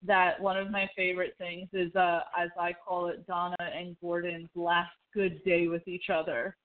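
A woman co-hosting a casual podcast, retelling scenes from a TV show in an animated, chatty way and acting out the characters' lines. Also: lowish voice, moderate pace. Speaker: podcast co-host. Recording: phone-like narrow sound.

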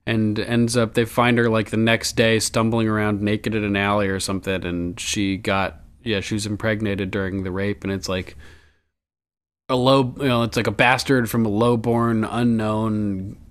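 A man's voice: on the low side, clean tone. Chatty man recapping with laughs. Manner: loose and chatty, swears, laughs often, quotes lines in passing. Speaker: podcast host recapping a TV episode. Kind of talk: casual chat.

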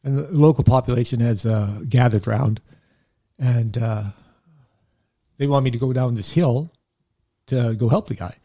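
Middle-aged man, veteran medic guest: gravelly, husky, relaxed storyteller who rambles and chuckles. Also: medium pitch, normal speed. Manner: laid-back, chuckles often, rambling asides. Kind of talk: casual storytelling.

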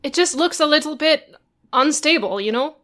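A woman's voice: high-pitched, lively intonation, normal speed, sharp tone. A woman playing her character in a tabletop game, playful and wry. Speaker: player. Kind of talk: casual role-play.

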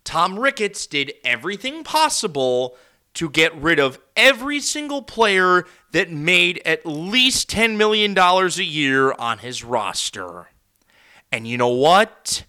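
A man's voice: fairly high pitch, sing-song, slow pace, pushed and bright, clean tone. A man hosting a solo sports podcast from a studio, ranting heatedly and sarcastically. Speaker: podcast host. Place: recording studio.

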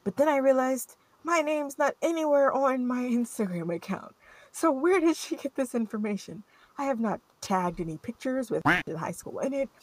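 A woman's voice: high voice, normal speed, dry recording. Young woman telling a story, dry sound. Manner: animated, rambling, lots of "like" fillers. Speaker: podcast host. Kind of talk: casual storytelling chat.

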